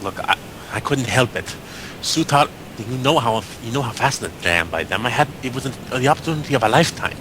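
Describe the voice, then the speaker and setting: A man's voice: mid-range voice, expressive, quick pace, noisy background. A man playing a tabletop game in character, often hesitant and stumbling over his words. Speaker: player.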